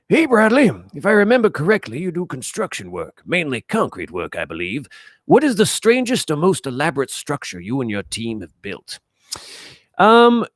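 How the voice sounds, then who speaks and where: A man's voice: lowish voice, no room sound, studio quality. A young man hosting a casual live stream, chatting as he reads out and answers viewer questions. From US Northwest.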